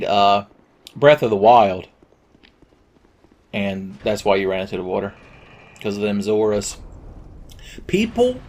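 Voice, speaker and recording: A man giving casual, crude, joking commentary over a video game and yelling at it at times. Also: on the low side. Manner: crude, jokey, yells at the game. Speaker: Let's Play commentator.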